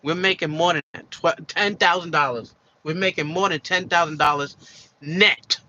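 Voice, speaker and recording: A man's voice: a little high, normal speed, pushed and bright, muffled recording. A man giving an emphatic opinion monologue for his video channel, repeating his points with many fillers and restarts. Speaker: commentary vlogger.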